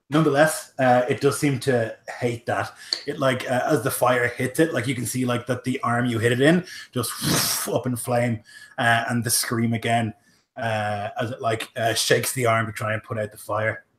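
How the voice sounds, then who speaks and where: A man's voice: mid-range voice, steady tone, measured pace, a bit bright, echoey room, slight background noise. A man running a tabletop game as game master, talking loosely with lots of fillers.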